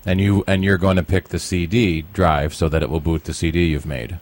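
A man's voice: sits low, steady tone, a little fast. A man co-hosting a casual radio tech show, giving matter-of-fact technical explanations and repeating words as he goes. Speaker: tech expert co-host. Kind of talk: casual radio call-in chat.

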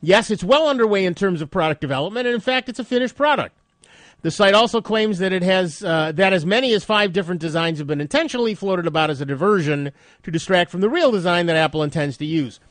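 Stuffy-nosed radio tech host. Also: male voice, sits high, animated, quick pace, fairly bright tone, no room sound. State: stuffed up nose. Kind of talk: radio tech talk and news reading.

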